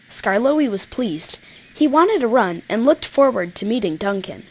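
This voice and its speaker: A woman's voice: on the high side, expressive, measured pace, a little hiss or hum. Woman reading a children's story. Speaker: narrator.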